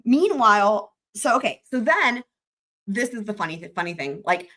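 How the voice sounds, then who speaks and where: Animated young woman telling a story. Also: mid-range voice, moderate pace. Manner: animated, laughing often, swearing casually. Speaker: livestream host. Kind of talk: casual storytelling chat.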